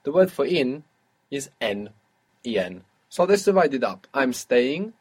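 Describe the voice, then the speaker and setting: This man's voice is mid-range and slightly rough, with big pitch swings and a measured pace. He's a patient teacher running a guided audio language lesson, asking a student brief questions, pausing for responses, and offering praise for each before continuing.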